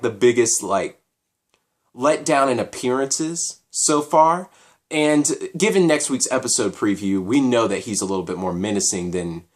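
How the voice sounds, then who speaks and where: A man giving a casual solo anime episode review, talking in an animated, repetitive way as he thinks aloud. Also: mid-range voice.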